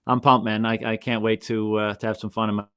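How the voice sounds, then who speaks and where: A man's voice: on the low side, level tone, fast talker, fairly bright tone, clear, resonant tone, no echo, clean studio sound. A man speaking as an eager podcast guest. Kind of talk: casual podcast chat.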